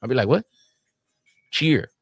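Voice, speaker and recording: A man's voice: lowish voice, expressive, normal speed, dry recording. A man with a Southern American accent reacting to a video in casual, playful commentary full of streetwise slang. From Southern United States.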